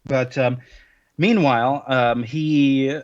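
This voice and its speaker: A man's voice: medium pitch, slow, dry recording. A man co-hosting a podcast, casually recapping a comic with rambling asides and acted-out quotes. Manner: rambling, animated, acts out quoted characters. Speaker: podcast co-host. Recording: dull lo-fi, dry.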